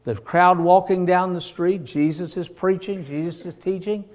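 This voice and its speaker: Preacher guy telling a bible story, acts out the voices, hollers now and then, bit high voice. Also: normal speed. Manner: animated, acts out voices and shouts. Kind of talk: sermon storytelling.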